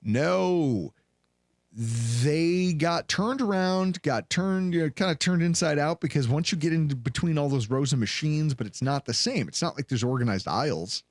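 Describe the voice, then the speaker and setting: A man in his thirties hosting a sports podcast, telling a story with lively acted-out voices. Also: fairly high pitch, fairly quick, hardly any pauses, no echo, studio quality. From Buffalo, New York area. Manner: animated, acts out voices in anecdotes. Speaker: podcast host.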